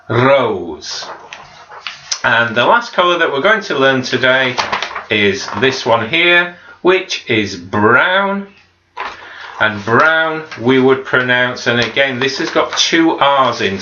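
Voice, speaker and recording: Over a noisy background, a mid-range male voice leads a home-learning video lesson for kids. He's a primary school teacher who patiently says each word and repeats it, and the recording sounds slightly dull and roomy.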